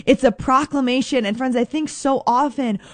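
A woman giving an earnest devotional reflection, speaking slowly and emphatically and often repeating phrases. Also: high-pitched, steady tone, no echo.

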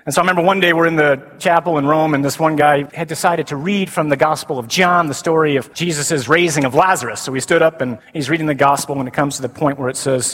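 A man, a priest preaching a humorous, animated sermon at a men's conference. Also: a little high, quick pace. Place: large conference hall. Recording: reverberant hall recording.

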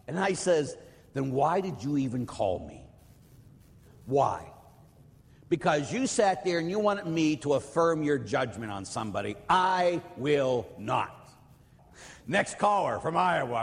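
A priest and radio host preaching bluntly and telling stories, acting out the voices of the people in them. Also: male voice, on the high side, big-room sound. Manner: blunt, animated, acts out callers' voices. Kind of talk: lively sermon with storytelling.

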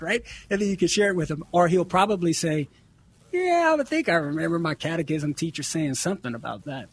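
Man, husky tenor, earnest explainer on call-in radio. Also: a little high, sing-song, brisk, no room sound. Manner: earnest, explanatory, acts out quoted dialogue. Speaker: guest apologist answering callers.

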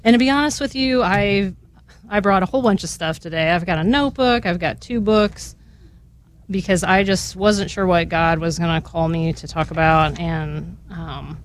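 As a guest on a radio show, a woman leads prayer by reading a litany aloud, devout and earnest, her voice catching with emotion. She speaks at normal speed in a voice on the low side.

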